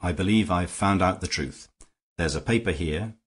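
Abrupt, articulate lawyer, deep and husky, done by a male narrator. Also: moderate pace. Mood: brisk, hard. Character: brisk, hard-eyed middle-aged lawyer.

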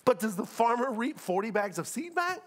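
A middle-aged man pastor preaching a sermon, animated, asking the crowd rhetorical questions and acting out quotes. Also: very high-pitched, moderate pace.

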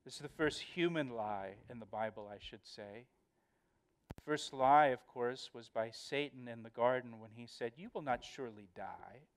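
A man's voice: mid-range voice, moderate pace, smooth. A male pastor giving a verse-by-verse Bible study, earnest and emphatic, often repeating words as he explains.

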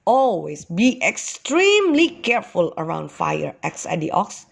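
A woman voicing a gentle, careful father ox in a storybook, giving calm, instructive reminders. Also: mid-range voice, unhurried, gravelly, slightly rough, exaggerated voice.

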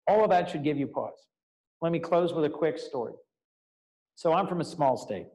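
A man in his fifties, a senator giving a public talk, telling an animated personal story with casual fillers. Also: on the high side, moderate pace, poor audio. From United States. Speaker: U.S. senator, guest speaker. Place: law school lecture event, indoors.

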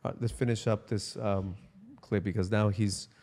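A man's voice: lowish voice, steady tone, moderate pace, dark tone. A man hosting a podcast, talking reflectively and asking probing questions, often repeating words as he gathers thoughts. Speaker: podcast host and coach. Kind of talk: casual podcast chat.

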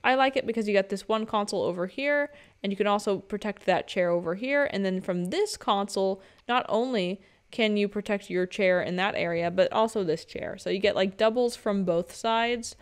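A woman's voice: mid-range voice, normal speed, clean tone. A young woman talking casually through a gameplay tutorial voice-over, chatty and joking, with playful asides. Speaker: game guide creator.

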